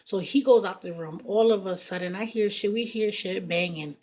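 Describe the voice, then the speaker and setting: A woman's voice: mid-range voice, moderate pace, slight background noise. A woman in her thirties telling a personal story in casual storytime fashion, blunt and profane, with lots of fillers. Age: 30s. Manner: blunt, profane, animated retelling full of fillers.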